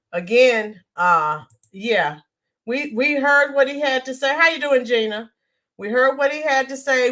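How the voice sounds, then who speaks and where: Slow-talking indignant woman streamer. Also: on the high side, sharp tone. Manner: indignant, emphatic, mocking quotes. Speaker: livestream commentary host. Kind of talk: live commentary, reading viewer comments.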